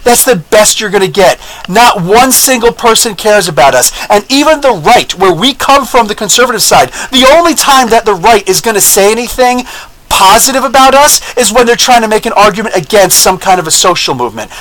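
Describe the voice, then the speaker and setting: A man hosting a podcast, talking in a rambling, blunt and animated way, telling stories and often checking in with his listeners. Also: high-pitched, brisk, rough recording. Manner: rambling, animated, keeps asking "you know what I'm saying?"; blunt and opinionated. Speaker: podcast host. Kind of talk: casual opinion monologue with storytelling.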